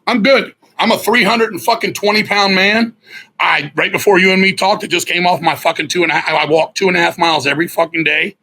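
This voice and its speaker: A middle-aged man, a guest musician, telling stories in a blunt, profane, animated way. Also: high voice, brisk, low-quality recording. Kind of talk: casual storytelling interview.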